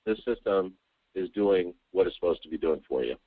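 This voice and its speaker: A man giving an eager, emphatic sales pitch on a conference call, stumbling over repeated words as he talks. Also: expressive, a little fast. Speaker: sales presenter. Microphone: telephone on a conference call. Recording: tinny phone line.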